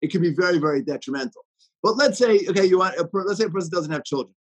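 Man, high-pitched, husky, inspirational storytelling talk, fillers and restarts. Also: rapid-fire, rough recording.

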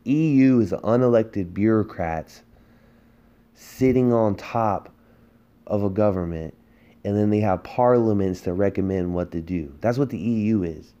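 A man's voice: deep voice, warm tone. A man hosting a political podcast, delivering a heated, emphatic monologue full of rhetorical questions. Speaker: podcast host.

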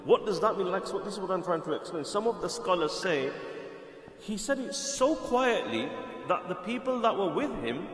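Male preacher, fairly high voice, earnest, repeats lines, reverberant hall. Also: big pitch swings, normal speed, a bit bright, faint music behind. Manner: earnest, explanatory, repeats phrases for emphasis. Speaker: Islamic preacher. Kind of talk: sermon.

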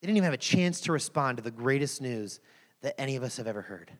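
A man's voice: mid-range voice, lively intonation, fast. Earnest male preacher in a big hall. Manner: earnest storytelling. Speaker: guest speaker. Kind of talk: preaching a missions sermon. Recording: long reverb of a large hall.

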